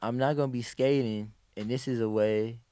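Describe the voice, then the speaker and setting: A man's voice: medium pitch, normal speed. A man, a guest on a podcast, telling stories in casual, slang-heavy talk and acting out what people said. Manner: animated, acts out quoted exclamations, heavy slang and swearing. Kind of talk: casual storytelling.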